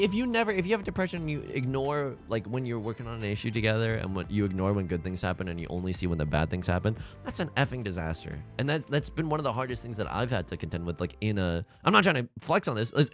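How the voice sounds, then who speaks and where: A young man chatting casually on a livestream as he plays mahjong and reads chat aloud, joking and animated. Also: mid-range voice, quick pace, faint music behind. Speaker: streamer playing online mahjong.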